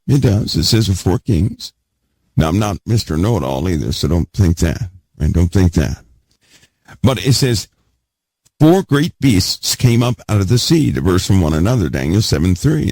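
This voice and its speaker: A man's voice: lowish voice, vocal fry, a little mellow, breathy edge, no echo. A man teaching a Bible sermon emphatically, repeating key words and putting questions to his listeners. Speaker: preacher.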